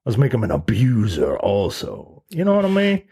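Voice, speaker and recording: A man co-hosting a casual movie review podcast, ranting with animated, profane disbelief. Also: on the low side, moderate pace, breathy edge. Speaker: podcast co-host.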